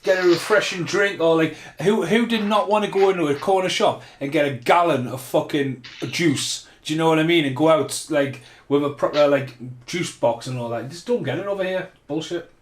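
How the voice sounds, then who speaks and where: A man's voice: fairly high pitch, brisk, few pauses. A man co-hosting a casual film commentary podcast, telling rambling, sweary anecdotes. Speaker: podcast co-host. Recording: roomy echo.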